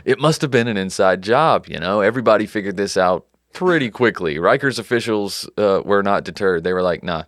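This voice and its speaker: A man's voice: on the low side, animated, fairly quick, few pauses, no room sound, clean studio sound. A man co-hosting a true crime podcast, telling the story in a loose, joking way and laughing often. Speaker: podcast co-host. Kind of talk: casual true crime chat.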